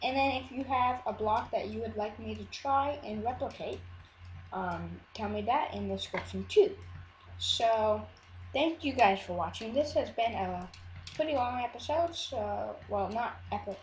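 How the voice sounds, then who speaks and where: A woman's voice: a little high, a little slow, roomy sound, slight background noise. A woman chatting casually over her gameplay video, rambling and often cutting herself off. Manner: rambling, chatty, self-interrupting. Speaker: Minecraft video maker.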